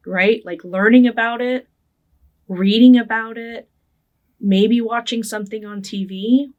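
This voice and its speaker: A young adult woman from Northern California, recalling her childhood in a relaxed, conversational oral history interview, often checking in with "right?". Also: mid-range voice. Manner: conversational, often tags with "right?", laughs lightly. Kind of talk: reflective personal storytelling.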